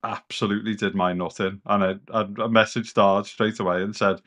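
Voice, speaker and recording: A man's voice: fairly low pitch, flat delivery, brisk, fairly bright tone. A British man chatting casually as a co-host on a gaming podcast, rambling and a bit sweary. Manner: rambling, loose and sweary, lots of "kind of".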